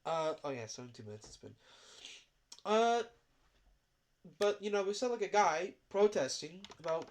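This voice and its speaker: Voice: mid-range voice, lively intonation, moderate pace, pauses often. A gaming video creator with a stuffy nose, talking casually and rambling with lots of fillers over gameplay. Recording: loud keyboard typing and clicks.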